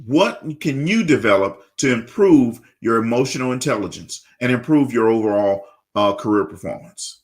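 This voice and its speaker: A man's voice: mid-range voice, animated, moderate pace. A man hosting a leadership talk show on the radio, who speaks straight to his listeners in a preachy tone and often repeats words while searching for the right phrase.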